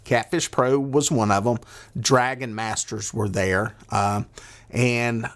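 Southern guy rambling on his podcast, folksy, lots of uhs, average pitch voice. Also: steady tone, slow pace. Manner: rambling, folksy, with filler words. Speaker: podcast host. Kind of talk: casual monologue. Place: at a desk.

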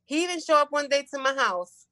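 A woman in her fifties, from New York, speaks with heartfelt tenderness about her father. Her voice sounds dry and close, with no room around it. She tells family stories warmly and simply. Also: high voice, animated, a little fast, dry recording, rough recording. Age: 50s. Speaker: daughter giving a family tribute. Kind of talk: emotional family tribute on a video call.

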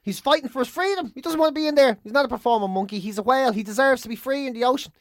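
An Irish woman hosting a podcast, chatting casually, animated and swearing freely. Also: high-pitched, racing, dry recording, clean studio sound. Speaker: podcast host. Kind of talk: casual chat.

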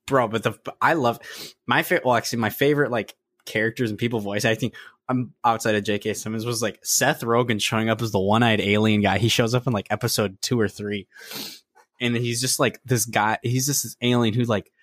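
Casting: casual male podcast co-host, mid pitch, dry close mic, playful and animated. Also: fairly quick, dry recording. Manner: animated, acts out quotes in high mocking voices. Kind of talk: casual chat.

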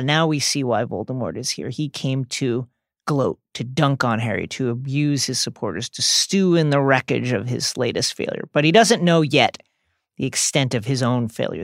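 Gravelly man reading dramatically. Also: medium pitch, a bit bright, dry recording, clean studio sound. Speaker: podcast co-host. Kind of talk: reading book passages with commentary.

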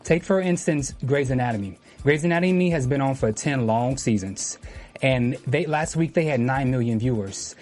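A co-host of a fan talk show, making a point haltingly with restarts in casual panel chat. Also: mid-range voice, lively intonation, darkish tone, soft background music.

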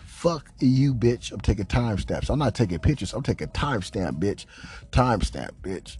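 A man hosting a podcast, telling a profane, animated rant about his job in a casual venting monologue. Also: fairly low pitch, normal speed. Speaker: podcast host.

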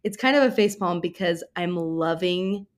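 A woman's voice: lowish voice, moderate pace. A woman in her thirties co-hosting a podcast, chatting in a giggly, rambling way. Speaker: podcast co-host. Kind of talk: casual chat.

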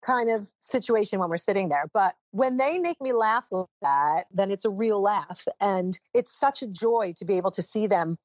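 Lively American woman in her fifties. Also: medium pitch, moderate pace, hardly any pauses, no echo, lo-fi sound. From United States. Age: 50s. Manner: animated, laughs often, emphatic. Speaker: guest judge. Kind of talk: casual interview chat.

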